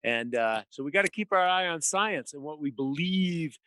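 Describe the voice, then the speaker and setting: A man's voice: fairly high pitch, lively intonation, normal speed, pushed and bright, dry recording. A man appearing as a podcast guest, talking emphatically and rattling off lists of figures in casual conversation. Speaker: podcast guest, health author.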